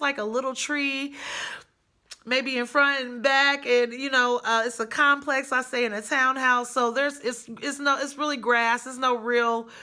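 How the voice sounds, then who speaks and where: A woman telling a personal story in a chatty, animated way, jumping high with excitement in places.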